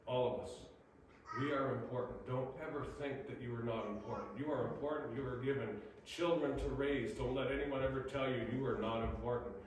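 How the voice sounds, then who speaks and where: A man preaching a sermon, animated, acting out the voices in his stories. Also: medium pitch, a little fast, a little hiss or hum. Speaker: pastor. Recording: echoey room, from far off.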